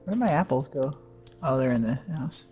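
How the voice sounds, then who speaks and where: A man's voice: mid-range voice, expressive, normal speed, darkish tone, soft background music. A man co-hosting a casual gaming podcast, easy-going and goofy, giggling often. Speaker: podcast co-host. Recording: slightly dull lo-fi mic.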